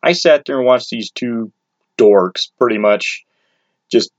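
This storyteller, a man with a mid-range voice, takes his time describing his own experience in a rambling, blunt way, peppered with crude slang, filler words, and many restarts. The recording is dry, dull, and lo-fi.

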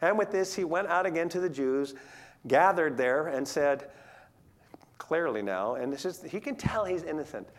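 A preacher gives a Bible teaching with a pitch that leaps and swoops all through. The delivery is informal and chatty, with scripture retold in plain modern phrasing. Questions are thrown out to the listeners along the way. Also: normal speed. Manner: conversational, paraphrases scripture in plain modern words; animated, asks the audience questions.

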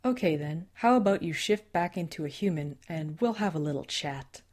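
A gruff female white wolf shapeshifter, as a woman narrator puts her on. She speaks bluntly and with an edge of threat. The voice stays low and deep. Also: animated, moderate pace, a little mellow.

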